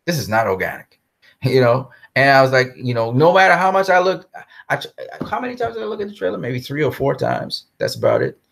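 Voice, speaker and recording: Fired-up guy cursing thru a movie rant, voice on the high side and jumping all over. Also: a little fast, vocal fry. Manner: blunt, profane, animated, repeats himself for emphasis. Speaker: commentary host. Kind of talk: ranting film commentary vlog.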